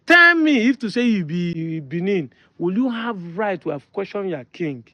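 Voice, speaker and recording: A man's voice: high voice, expressive, moderate pace, darkish tone, no room sound, muffled recording. A Nigerian man from Delta State giving an emphatic opinion monologue, insisting on his points and repeating them. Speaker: online commentator.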